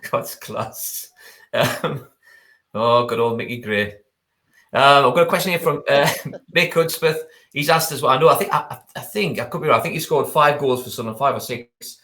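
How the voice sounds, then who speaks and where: Joking host in an echoey room. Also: male voice, mid-range voice, normal speed, sharp tone. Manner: jokey, reading out viewer questions. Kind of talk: hosting a live fan talk-in.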